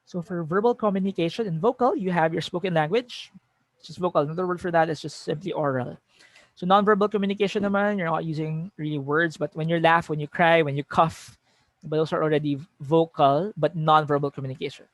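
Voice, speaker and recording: A man's voice: fairly high pitch, fairly quick, no room sound. Filipino man lecturing, dry close sound. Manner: reads example sentences aloud with shifting emphasis, frequent self-corrections. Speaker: teacher giving a webinar. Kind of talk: conversational lecture mixing English and Tagalog.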